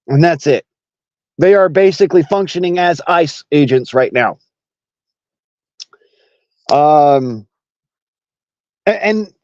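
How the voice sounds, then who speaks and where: A man's voice: high-pitched, a little mellow, no room sound, muffled recording. A man from Arkansas with a Southern accent, hosting a casual political monologue in a blunt, profane, rambling way. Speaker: online talk show host.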